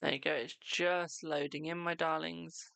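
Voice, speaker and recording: A British man hosting a casual live-stream tarot reading, reading viewers' questions aloud and answering them warmly, calling everyone "my darling". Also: on the high side, flat delivery, vocal fry, no echo. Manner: affectionate, calls viewers "my darling"; chatty, reads questions aloud and answers quickly.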